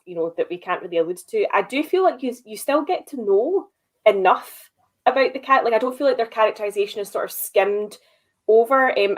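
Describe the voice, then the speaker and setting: A woman co-hosting a film podcast, chatty and animated, with lots of "like" and "you know". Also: medium pitch. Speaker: podcast co-host. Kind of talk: casual film discussion.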